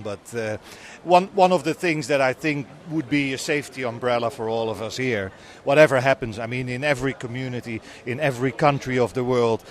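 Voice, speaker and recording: Male interview guest, mid-range voice, halting, repeats himself, outdoors at an event. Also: mid-range voice. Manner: hesitant, repeats words. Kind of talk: interview answers.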